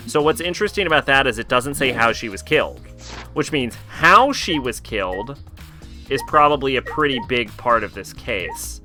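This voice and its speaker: A young man streams a story game and talks through it in a casual, chatty way, swearing now and then. His voice is very bright and forward. Faint game music plays underneath. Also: medium pitch, sing-song, normal speed. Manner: casual, swearing, reacting aloud. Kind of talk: live game commentary.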